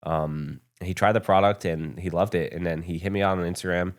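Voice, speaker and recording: A man's voice: low voice, fairly even intonation, brisk. A man from the United States, a podcast guest telling his founder story in a candid, profane, rambling way. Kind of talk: casual storytelling interview. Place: podcast studio.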